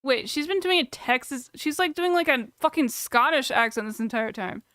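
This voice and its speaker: A woman's voice: high-pitched, lively intonation, moderate pace, fairly bright tone, no echo, clean studio sound. A young adult woman streaming, chatting casually and jokingly as she reacts to a video, often trailing off.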